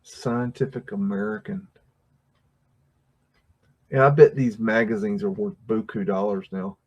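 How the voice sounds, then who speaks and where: A man's voice: fairly low pitch, measured pace, darkish tone. A man hosting a livestream, talking casually through old photographs in a rambling way, with many fillers and restarts and frequent chuckles. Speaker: livestream host.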